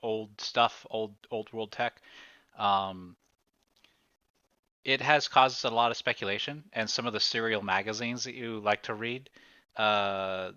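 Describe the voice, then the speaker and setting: A man runs a tabletop game at a slow, unhurried pace. His voice is bright and smooth, with dry, dull lo-fi sound and many filler pauses. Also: on the low side, steady tone, dry recording. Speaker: game master.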